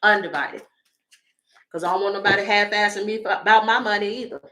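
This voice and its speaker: Blunt, bright-voiced woman tarot reader. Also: medium pitch, steady tone, a little fast, low-quality recording. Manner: blunt, profane and laughing, talking to viewers. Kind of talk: casual livestream chat.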